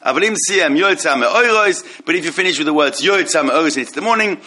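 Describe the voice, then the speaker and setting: A man giving a halacha class, reading Hebrew passages quickly and then explaining them in English, often repeating himself. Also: fairly high pitch, expressive, bright, forceful tone. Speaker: Torah teacher.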